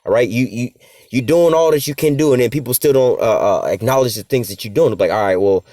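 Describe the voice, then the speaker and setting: A man in his middle pitch who preaches at a quick clip, reading scripture and then breaking it down in loose street talk. He is blunt, swears in passing, and keeps tagging his points with "man" and "whatever, whatnot." His voice sounds dry and close, with no room around it. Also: mellow, dry recording. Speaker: preacher of a religious group. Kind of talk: informal scripture teaching.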